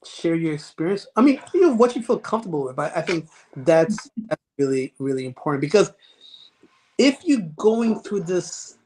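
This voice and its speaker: A middle-aged man psychiatrist answering interview questions, earnest and halting, with frequent restarts and fillers. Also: fairly high pitch, expressive, darkish tone, slight background noise. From United States. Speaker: child and adolescent psychiatrist, guest.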